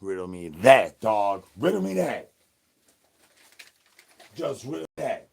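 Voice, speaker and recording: A man's voice: on the low side, very animated, slow, creaky, slightly rough, exaggerated voice. A man doing a crude, hungry zombie ranter. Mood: rambling. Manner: rambling, crude, sing-song nonsense rhymes. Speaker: comedy channel host. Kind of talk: improvised comedy rant.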